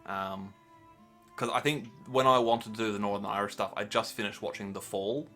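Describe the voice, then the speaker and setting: A man's voice: on the low side, steady tone, normal speed, sharp tone, faint music behind. A man acting as game master, chatting casually about the campaign with frequent ums.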